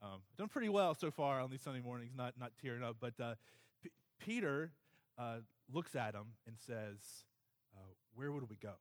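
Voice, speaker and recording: Male pastor, casual Sunday sermon, weary and emotional, halting delivery. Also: medium pitch, lively intonation, in a large hall. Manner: halting, filler-heavy, emotional. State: tired, close to tears. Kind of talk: conversational sermon. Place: church sanctuary.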